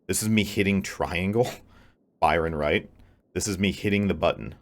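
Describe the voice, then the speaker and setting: A man's voice: low-pitched, normal speed. A young man commentating his own video game match play-by-play, sarcastic and frustrated, often swearing. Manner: frustrated, swears a lot, sarcastic, prone to angry outbursts. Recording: game music clearly heard behind voice.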